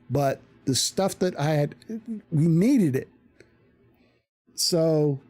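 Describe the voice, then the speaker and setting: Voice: mid-range voice, dark tone, no room sound. An adult parent streaming live, telling a story bluntly with plenty of swearing. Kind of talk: casual storytelling to a live chat.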